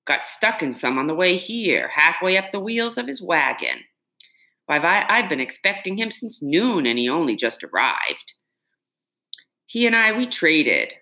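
A woman voicing a calm, folksy farmer father who talks in an easygoing way. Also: on the low side, a little slow, voice pushed up, full character voice. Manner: easygoing, folksy talk with stumbles. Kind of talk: audiobook character reading.

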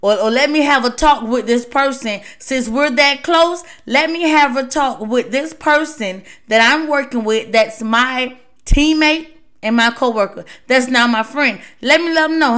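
Emphatic high-voiced woman podcaster. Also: moderate pace, fairly bright tone. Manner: emphatic, preachy, repeats words for stress. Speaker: podcast host. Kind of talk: casual monologue advice.

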